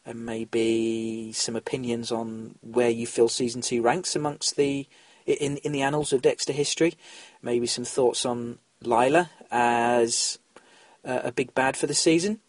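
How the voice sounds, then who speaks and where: Easygoing podcast host. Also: male voice, medium pitch, steady tone, moderate pace, no room sound. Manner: apologetic, easygoing, chuckling. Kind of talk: casual podcast talk.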